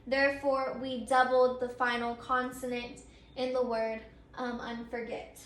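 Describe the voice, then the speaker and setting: A woman's voice: on the high side, flat delivery, measured pace, fairly bright tone, slight background noise. A woman teacher explaining grammar step by step, repeating her points with frequent ums. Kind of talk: recorded grammar lesson. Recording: echoey room.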